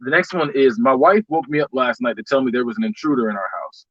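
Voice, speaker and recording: A man's voice: medium pitch, expressive, fast, a bit bright, no room sound, dull audio. A man hosting a casual podcast, reading short scary stories, laughing often and stumbling over repeated words.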